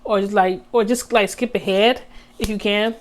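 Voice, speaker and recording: A woman's voice: medium pitch, steady tone, moderate pace. A young woman vlogger telling a personal story in a casual, chatty monologue, full of "like" and slang, talking straight to her viewers. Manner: chatty, heavy use of "like" and slang, addresses viewers as y'all.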